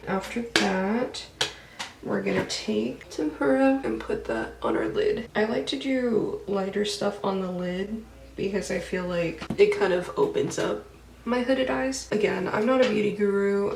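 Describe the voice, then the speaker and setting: A woman's voice: mid-range voice, animated, normal speed, vocal fry, roomy sound, far from the mic, noisy background. A woman doing a casual get-ready-with-me chat while doing her makeup, talking freely and swearing as she reads out and retells dreams. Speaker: beauty vlogger.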